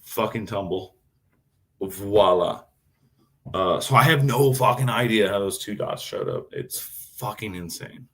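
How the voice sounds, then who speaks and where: A man's voice: lowish voice, big pitch swings, a little slow, gravelly, fairly bright tone. A man chatting casually on a live stream, swearing constantly as he rambles about his knives and answers chat. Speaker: knifemaker streamer.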